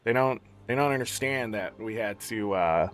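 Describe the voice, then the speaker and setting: A man's voice: fairly low pitch, normal speed, a bit bright, soft background music. A man giving a casual, profane, exasperated gaming rant as a content creator.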